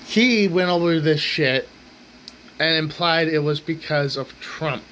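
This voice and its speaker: Man, angry profane rant, blunt, slightly higher voice, faint air-conditioner hum. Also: slow, bright, forceful tone, rough recording. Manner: blunt, swearing constantly. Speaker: rant channel host.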